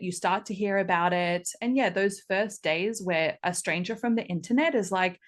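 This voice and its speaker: A woman, a game studio co-founder, chatting in an interview and telling stories with lively acted-out quotes. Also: fairly low pitch, moderate pace, few pauses. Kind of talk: casual interview chat.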